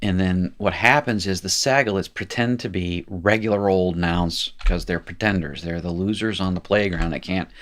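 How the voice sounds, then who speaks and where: A man's voice: low-pitched, normal speed, few pauses, a bit bright. A man teaching a live recorded language lesson, chatty and jokey, correcting himself as he goes.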